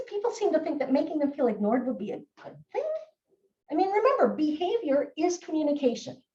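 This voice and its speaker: During a recorded live training session in a presentation room, a high-pitched woman talks about child behavior in a mellow tone. She's lively, with swooping inflection as she acts out quoted kids and adults. The mic sits at a distance in an echoey room, so the sound comes across dull.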